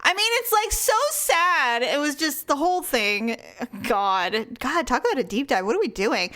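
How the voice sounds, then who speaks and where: A woman's voice: high voice, moderate pace. A woman co-hosting a podcast, chatting casually and telling stories with lots of laughter. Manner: giggly, animated storyteller. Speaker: podcast co-host. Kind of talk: casual chat.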